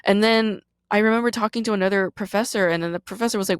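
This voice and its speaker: A woman's voice: medium pitch, fast, few pauses, clear, resonant tone, no echo. A woman in her thirties, a podcast host and comedian, giving a raw confessional monologue in a blunt, profane way.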